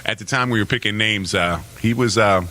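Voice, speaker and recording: A man's voice: fairly low pitch, fairly quick, bright, forceful tone. A man co-hosting a radio show, joking and telling playful stories in casual banter. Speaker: radio co-host. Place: radio studio.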